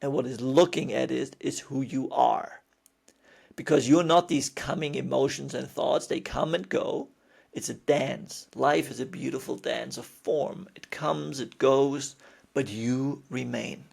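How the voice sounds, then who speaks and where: A man speaking as a spiritual teacher in a calm, reassuring motivational talk with playful emphasis. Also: medium pitch, creaky, slightly rough.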